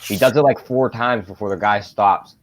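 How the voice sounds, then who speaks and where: A man's voice: on the low side, moderate pace. A man telling a story in an easygoing manner during a casual podcast chat. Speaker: podcast co-host.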